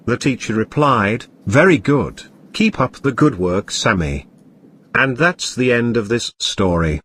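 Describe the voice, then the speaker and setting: A man narrating a scripted comedy story in a flat, matter-of-fact way. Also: medium pitch, unhurried, a little hiss or hum.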